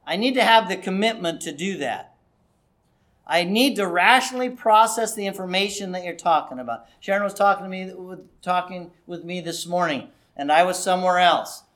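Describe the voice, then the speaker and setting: A man's voice: high-pitched, expressive, moderate pace, a bit bright. A middle-aged male pastor giving an earnest, conversational sermon that builds to raised emphasis.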